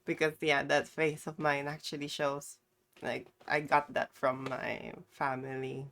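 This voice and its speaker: A woman's voice: rumbling low, flat delivery, a little slow, vocal fry, fairly bright tone. A woman streamer chatting casually while reacting to a clip, rambling and trailing off. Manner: rambling, many fillers and restarts.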